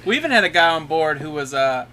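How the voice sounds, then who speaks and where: A man's voice: on the high side, lively intonation, fast talker, sharp tone, a little hiss or hum. A man co-hosting a podcast, laid-back and swearing freely. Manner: laid-back, profane agreeing. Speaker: podcast co-host. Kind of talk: casual chat.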